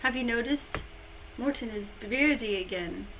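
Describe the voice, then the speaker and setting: A woman's voice: a little high, a little slow, fairly bright tone, slight background noise. A woman hosting a casual live-stream chat, playful and teasing with her co-host.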